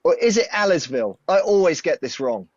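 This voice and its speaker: Halting British man, dry close sound. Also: on the high side, very animated, darkish tone, no room sound, muffled recording. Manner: hesitant, halting, with many restarts. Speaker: pastor, podcast guest. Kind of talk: casual podcast chat.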